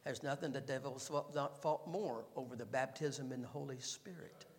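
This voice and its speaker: A man preaching a sermon as pastor, dropping his voice low and then building up to loud, emphatic exhortation. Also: steady tone, normal speed, long reverb tail.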